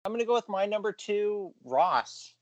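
A man's voice: high voice, lively intonation, normal speed, no room sound. A man co-hosting a podcast, giving his opinions with enthusiasm in casual chat. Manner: enthusiastic, opinionated, drops into quoted voices. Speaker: podcast co-host.

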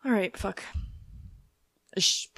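A young woman co-hosting a podcast, trading casual banter, swearing freely and talking in an animated, brash way. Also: extremely slow. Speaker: podcast co-host.

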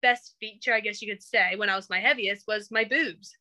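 Bright-voiced young woman, chatty. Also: mid-range voice, brisk, poor audio. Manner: chatty, acts out quoted remarks. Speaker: coaching client. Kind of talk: casual interview.

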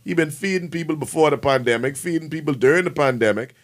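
A man in casual chat, talking earnestly and with emphasis, often dropping lower. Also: fast. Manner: earnest, emphatic, drops into a low voice.

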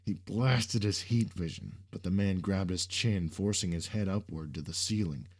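A man reading an action story aloud in steady scripted narration. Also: low voice, breathy edge.

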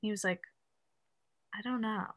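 A woman's voice: medium pitch, normal speed. A young woman co-hosting a podcast, telling a story in a casual, rambling way with lots of "like" and fillers. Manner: animated, rambling with many fillers and "like". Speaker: podcast co-host.

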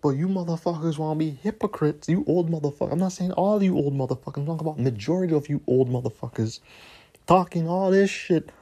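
A man's voice: fairly high pitch, quick pace, mellow, slightly rough. A man, hosting a podcast and delivering a profane, repetitive, scolding rant. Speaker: podcast host.

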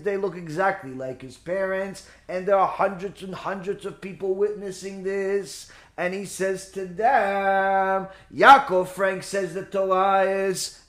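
A man's voice: high voice, a bit bright, echoey room. A man telling a religious story as a sermon, dramatic and acting out scenes with sound effects.

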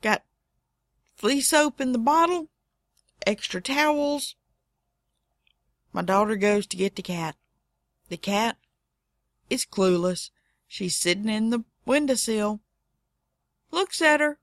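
A middle-aged woman telling a funny personal story in a casual way, with wry deadpan asides. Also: a little high, slow pace, pauses often, no room sound, clean studio sound.

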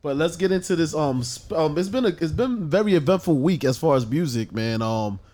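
A man co-hosts a loose, profane podcast chat with a slightly high-pitched voice. He jokes a lot and steers the talk to the next topic. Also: lively intonation, brisk, darkish tone. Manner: profane, joking, leads the topics. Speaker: podcast co-host. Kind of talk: casual podcast banter.

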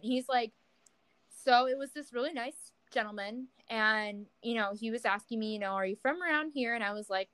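A young woman co-hosting a podcast, chatting casually and telling an animated story, acting out quoted people with big pitch jumps. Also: fairly quick, no room sound, rough recording. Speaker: podcast co-host. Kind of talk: casual chat.

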